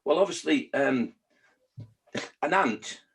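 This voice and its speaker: A man's voice: mid-range voice, animated, slow pace, vocal fry, slightly rough. A man who writes children's poems, chatting in a jokey, rambling way in a video-call interview. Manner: jokey, chatty, restarts a lot. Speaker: children's poet.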